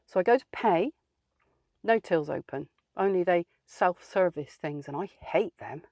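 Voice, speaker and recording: Unhurried and a little mellow, a woman with a fairly low voice and lively intonation plays an outspoken, feisty older lady, recorded with no echo. She tells her comic story in a wry, dry, plain-spoken and sardonic way.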